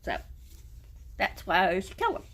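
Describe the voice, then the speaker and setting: A woman's voice: medium pitch, huge pitch swings, a little slow, fairly bright tone. Woman, book reviewer, reading aloud, casual, stumbling restarts. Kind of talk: reading a novel aloud and retelling it.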